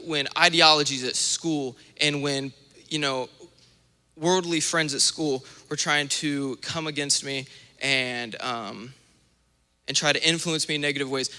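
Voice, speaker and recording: A young male minister preaching a sermon, telling stories in an animated way and acting out little scenes. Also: fairly high pitch, measured pace, smooth. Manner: animated storytelling with acted-out asides. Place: church sanctuary. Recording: long church hall reverb.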